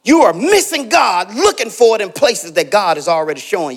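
A middle-aged man preaching a sermon, telling personal stories, calling out congregation members by name and building to shouted exhortations. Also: sits high, sing-song, moderate pace, few pauses.

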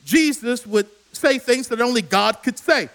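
Brief: male preacher, sermon, very high and ringing voice, dramatic storyteller. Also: lively intonation, measured pace, a bit bright. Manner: dramatic storytelling with call-and-response.

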